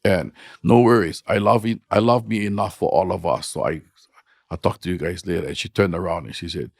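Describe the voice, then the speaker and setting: A man's voice: low voice, fairly quick, creaky, no room sound, studio quality. A middle-aged man with a Hawaiian accent, a hula teacher telling stories in casual, frank, blunt talk. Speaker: podcast guest, hula teacher. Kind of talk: casual storytelling.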